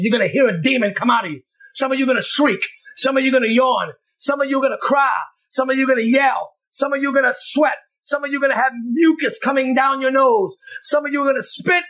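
A man preaching at a deliverance service, shouting commands and repeating himself emphatically, breaking into tongues. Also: very high voice. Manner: rapid commanding repetition. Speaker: preacher leading a deliverance session. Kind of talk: charismatic sermon.

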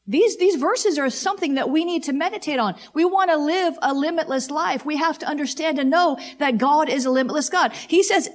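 Emphatic higher-voiced woman preacher. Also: lively intonation. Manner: exclamatory, repetitive, slows down to read scripture emphatically. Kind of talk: sermon.

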